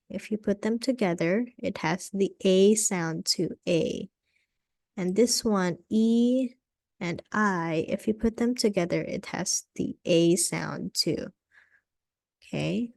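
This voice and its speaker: A woman teaching English vowel sounds in a slow, patient lesson, repeating each sound and saying "okay" often. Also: mid-range voice, gravelly, darkish tone, no echo, studio quality.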